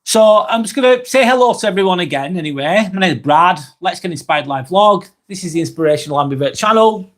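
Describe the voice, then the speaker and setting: A man hosting a slow, rambling live-stream vlog, reading out viewer comments with many fillers and apologies, a little under the weather. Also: high voice, animated. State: slightly under the weather, occasional cough.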